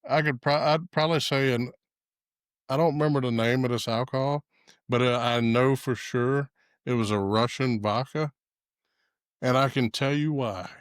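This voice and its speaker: A man hosting a podcast, telling a story in a relaxed way and laughing often. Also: medium pitch, normal speed, smooth, no room sound, clean studio sound. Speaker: podcast host. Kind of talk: casual storytelling chat. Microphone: podcast microphone.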